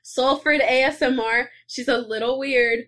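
Young woman podcast co-host, higher voice, rambling and giggly. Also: fairly even intonation, a little slow, fairly bright tone. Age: young adult. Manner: rambling, filler-heavy, giggly. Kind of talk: casual chat.

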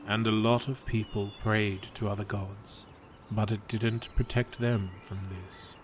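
A man playing an old, devoted farmer-priest who speaks gently and reassuringly. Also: on the low side, level tone, measured pace, background noise, lightly acted.

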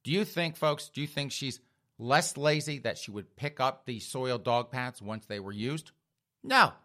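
A man's voice: medium pitch, moderate pace, fairly bright tone. A man telling a comic story in a sardonic way, often addressing listeners as folks. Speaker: comedic storyteller. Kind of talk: comedic storytelling.

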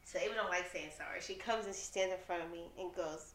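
A woman, a mother, co-hosting a casual podcast chat, telling expressive stories and laughing. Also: lowish voice, normal speed, reverberant, slight background noise. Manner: expressive storytelling, laughing, quoting her child. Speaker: podcast co-host.

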